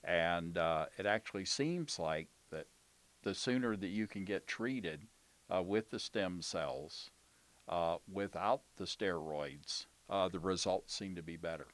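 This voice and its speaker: Deep voiced guy interviewing a patient, lots of mm-hmms, encouraging. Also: a little slow, a bit bright. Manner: encouraging, with frequent backchannels. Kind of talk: casual interview.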